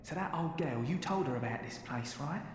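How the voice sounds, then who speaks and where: An actor doing a weary, kindly male townsman from a dark video game, folksy and plainspoken, with a mid-pitched voice that rises and falls freely. The line sits in a roomy, reverberant space over a steady noise bed. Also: a little fast, natural voice. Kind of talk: video game character dialogue.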